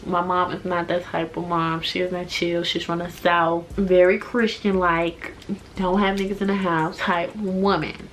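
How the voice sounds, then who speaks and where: A woman in her twenties from the Washington DC area, telling a story to camera in a casual, animated, profane way. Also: on the low side, a little slow, a little hiss or hum. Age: 20s. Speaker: vlogger. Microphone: compact camera mic.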